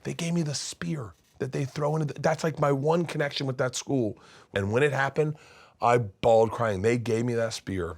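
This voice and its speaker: A man's voice: medium pitch, moderate pace, creaky. A man in his fifties, a comedian guest, telling a long story in an interview and acting out the other people in it. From United States. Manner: animated storyteller, acts out quoted voices.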